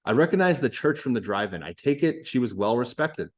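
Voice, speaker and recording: A man's voice: medium pitch, animated, brisk, natural voice. A man reading as a skeptical, blunt woman. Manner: doubtful, questioning.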